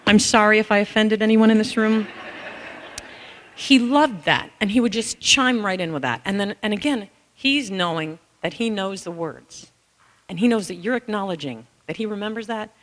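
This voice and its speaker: A woman speaks to a room full of people in a lively, candid storytelling manner, sometimes slipping into bits of song. Her voice sits at an ordinary middle pitch. The sound carries the long, ringing reverb of a large hall. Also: moderate pace. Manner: animated and candid, breaks into song snippets. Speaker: author and caregiver speaking to an audience. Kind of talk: conference talk, personal storytelling.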